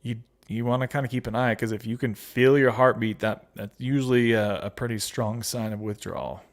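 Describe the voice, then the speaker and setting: A man's voice: mid-range voice, brisk. A man hosting a casual livestream, reading viewer comments aloud and answering them with fillers and laughs. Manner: chatty with frequent fillers and laughs. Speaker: livestream host.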